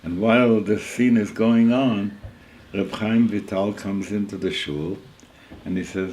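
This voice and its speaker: An elderly man in his eighties, a rabbi telling a story at a gathering in a lively, chuckling way, sprinkling in Yiddish words. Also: fairly low pitch, measured pace, a little hiss or hum, rough recording. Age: 80s.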